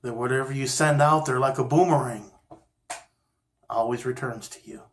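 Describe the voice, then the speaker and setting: A man telling a story in a gentle, unhurried, folksy way, as host of a storytelling series. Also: medium pitch. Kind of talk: storytelling narration.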